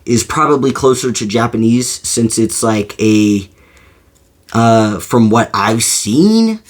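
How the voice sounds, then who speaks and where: Rambling man with a slow, halting delivery. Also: medium pitch, expressive. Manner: rambling, full of fillers and restarts. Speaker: video creator. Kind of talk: casual opinion monologue.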